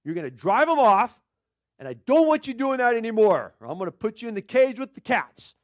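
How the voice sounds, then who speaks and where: A man's voice: extremely high pitch, sing-song, fairly quick, no echo, studio quality. A man voicing an apologetic male pet store owner who stammers when flustered.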